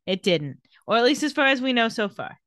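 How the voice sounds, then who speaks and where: A woman's voice: a little high, very animated, a bit bright, no room sound, studio quality. A woman co-hosting a podcast, casually retelling a TV episode and lightly acting out the characters' lines. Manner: playful, quick to laugh, acts out quotes lightly. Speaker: podcast co-host recapping a TV episode. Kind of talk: casual chat, retelling scenes.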